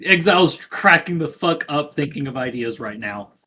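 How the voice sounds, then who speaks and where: A man playing a tabletop game who eagerly pitches scheming ideas to the table. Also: expressive, moderate pace, sharp tone. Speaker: player. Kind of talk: tabletop game play, casual chat.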